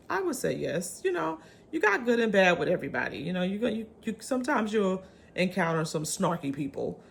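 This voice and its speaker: A woman vlogger chatting casually to camera in a chatty, animated way, with swooping pitch and many ums. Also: a little fast, gravelly, slight background noise.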